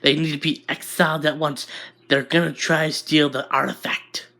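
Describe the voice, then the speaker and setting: A narrator voicing a bigoted old alien patriarch who yells at outsiders. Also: medium pitch, flat delivery, normal speed, vocal fry. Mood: furious. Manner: yelling, contemptuous.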